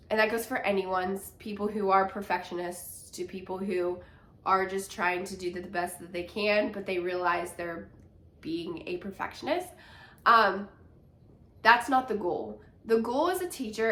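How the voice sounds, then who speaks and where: In a casual advice vlog filmed on her home couch, this teacher and health coach speaks in a mid-pitched, fairly bright voice with a slight nasal, congested quality. The room adds a clear echo, and her encouraging chatter is full of fillers.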